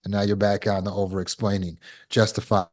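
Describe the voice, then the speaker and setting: A healing course teacher with a lowish, slightly mellow voice delivers a spoken lesson to an online audience. He speaks a little fast in a level tone, posing rhetorical questions and repeating words as he thinks.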